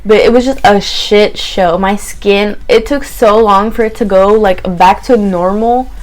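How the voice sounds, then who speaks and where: A woman's voice: mid-range voice, a little slow. A young woman chatting to camera in a candid story-time vlog, swearing freely and acting out her own reactions. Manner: chatty, candid, swears freely, quotes herself in lively asides. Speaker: beauty vlogger.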